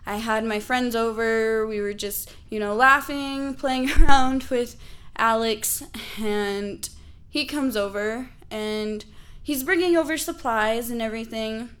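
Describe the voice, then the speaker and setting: A woman's voice: fairly high pitch, slow, a bit bright. Laughing young woman telling a story. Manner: laughs often while telling, acts out quoted voices. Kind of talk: personal storytelling.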